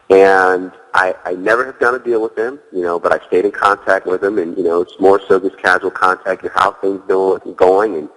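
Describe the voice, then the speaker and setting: A man's voice: sits low, fairly bright tone, in a large hall, low-quality recording. A man as a guest in an interview, telling a story casually, leaning on "you know" and acting out his own dialogue. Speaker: guest, real estate wholesaler.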